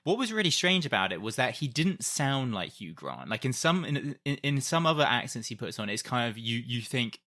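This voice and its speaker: A man's voice: medium pitch, big pitch swings, moderate pace, few pauses, bright, forceful tone. A man co-hosting a film podcast, talking in a thoughtful, hedging, casual way. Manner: thoughtful, hedging, many restarts. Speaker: podcast co-host. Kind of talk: casual film-review chat.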